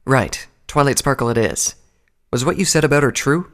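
A man voicing a level-headed male pony soldier who speaks firmly and in a measured way, in an audiobook reading. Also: mid-range voice, voice pushed up, close to an everyday voice. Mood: probing. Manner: firm and measured. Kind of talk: audiobook character voice.

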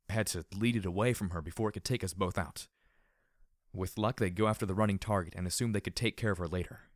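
Man narrating an audiobook, low and dry. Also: no room sound. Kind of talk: first-person audiobook narration.

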